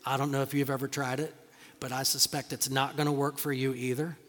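A male pastor preaching a sermon in a dramatic, storytelling way, acting out voices and dropping to hushed tones. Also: mid-range voice, little pitch movement, fairly quick, in a large hall.

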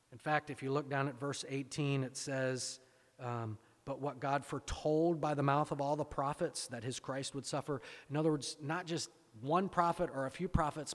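A man's voice: mid-range voice, big-room sound. A male pastor giving a sermon, asking rhetorical questions and repeating phrases for emphasis.

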